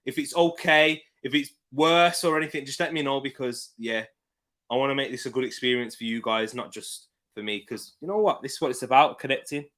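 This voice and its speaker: His pitch is medium and his tone fairly bright, and he speaks a little fast. The British man is hosting a live football watch-along stream, sitting back from a desk mic as he chats casually, laughs often and reads viewer comments aloud.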